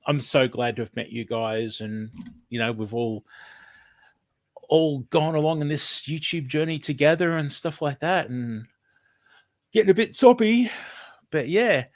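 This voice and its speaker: A man's voice: medium pitch, a bit bright. An Australian man hosting a casual livestream, chatting in a rambling, friendly way with lots of ums, a bit sniffly from hay fever. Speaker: livestream host.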